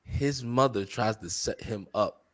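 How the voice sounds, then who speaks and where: This young podcast co-host speaks at a measured pace in a fairly low register. His storytelling is casual and full of swearing, and he performs the voices of the people in the tale with lots of energy.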